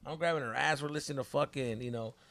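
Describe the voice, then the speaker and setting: A man's voice: medium pitch, fast talker, fairly bright tone. A man telling a story on a podcast in a casual, profane way, switching between English and Spanish. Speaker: podcast co-host.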